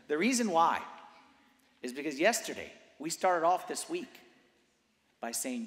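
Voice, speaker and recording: A man preaching a sermon as a priest, moving from quiet conversational asides to loud, fervent declarations. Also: on the high side, big pitch swings, a little slow, long pauses. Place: church. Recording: roomy church hall reverb.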